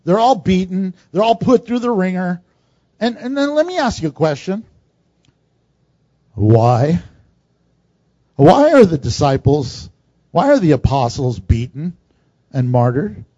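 A man's voice: high voice, mellow, no echo. A man preaching a sermon to a congregation in a conversational style, with asides and jokes. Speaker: pastor. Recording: dull, dry recording.

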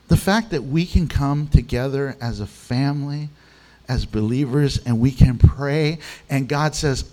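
A man preaching a sermon, telling stories with animated quoted voices. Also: mid-range voice, slow. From Mexican. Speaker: pastor.

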